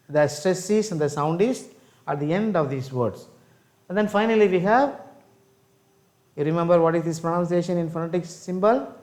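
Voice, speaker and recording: A man teaches pronunciation in an unhurried, drawn-out way. His voice sits a little high for a man, and he repeats every word as a drill, calling his learners "my dears.". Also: expressive, a little mellow. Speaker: English teacher. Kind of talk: pronunciation lesson.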